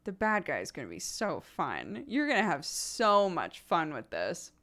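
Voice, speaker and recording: A woman voicing a gentle, encouraging mother who reassures her upset child. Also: low-pitched, wildly swooping pitch, measured pace, exaggerated voice. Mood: reassuring. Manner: soothing, reassuring.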